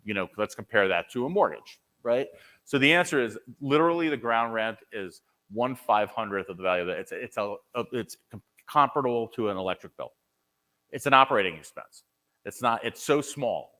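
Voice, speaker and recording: A man with a somewhat low voice presents at a conference and fields questions from the floor. He talks in an energetic, conversational pitch, often restarting and repeating words as he makes his point. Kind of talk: live conference presentation with audience Q&A. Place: conference hall.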